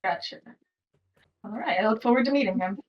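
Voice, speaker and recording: A woman player with a mid-pitched voice chats casually during a tabletop game, talking easily and readily. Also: a little fast, dull audio.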